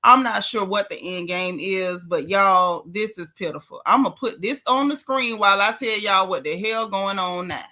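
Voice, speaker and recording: A woman with a bright, sharp voice dishes celebrity gossip in a casual, sassy way. She talks straight to her viewers, calling them y'all and reading their chat comments as she goes. Her tone is frank and playful. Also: mid-range voice, moderate pace, hardly any pauses. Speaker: gossip channel host.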